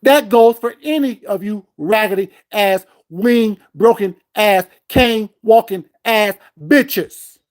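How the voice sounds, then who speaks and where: A man's voice: sits high, slow pace, few pauses. Heated, profane man ranting on his vlog. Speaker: vlogger host. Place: at home.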